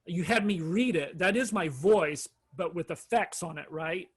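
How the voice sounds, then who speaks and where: A man's voice: sits high, moderate pace, slightly rough. A man co-hosting a podcast, rambling casually, laughing often and restarting his sentences. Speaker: podcast co-host. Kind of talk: casual chat.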